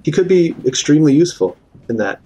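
A man at a tabletop game, a bit higher than most men and with a husky edge to his voice. He speaks politely, often pausing to hunt for the right words. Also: sing-song, mellow. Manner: polite, hesitant. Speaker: player.

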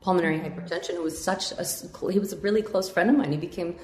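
A woman's voice: on the low side, fast, darkish tone, reverberant, a little hiss or hum. A woman guest in a podcast interview, talking candidly and upbeat with many fillers.

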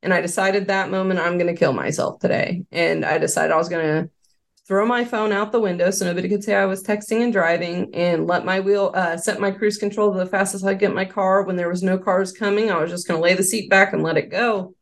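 A woman's voice: medium pitch, steady tone, a little fast, gravelly. A woman guest on an interview podcast, earnestly recounting a personal story with many fillers. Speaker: interview guest, former quality control worker. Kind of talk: casual interview testimony.

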